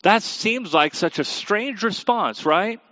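Man, pastor, sermon, reads scripture, quiet then emphatic, questions the congregation, dry sound. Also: high-pitched, animated, slow pace, no echo, muffled recording. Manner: asks the audience questions directly.

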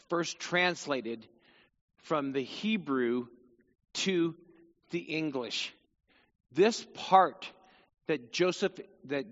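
A man's voice: a little high, a bit bright, big-room sound, lo-fi sound. A male pastor preaching a sermon, reading scripture dramatically and chatting casually between passages.

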